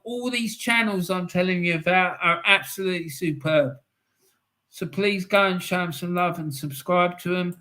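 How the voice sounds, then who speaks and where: Chatty high-voiced English man host. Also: pushed and bright. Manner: chatty, laughs often, repeats phrases for emphasis. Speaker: live stream host. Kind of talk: casual live chat reading comments.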